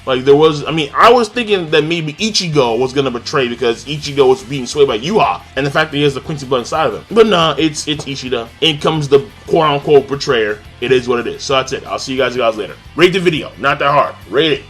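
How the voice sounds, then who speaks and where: A young man giving a live, excitable reaction to a manga chapter, joking and swearing as he reads. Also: mid-range voice, quick pace, hardly any pauses, faint music behind. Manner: excitable, profane, jokey.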